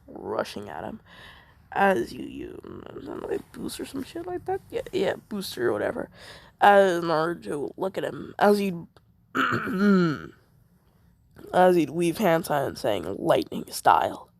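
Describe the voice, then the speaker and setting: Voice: medium pitch, wildly swooping pitch, unhurried, vocal fry, no echo. A fan storyteller rambling through a story, full of fillers and self-corrections.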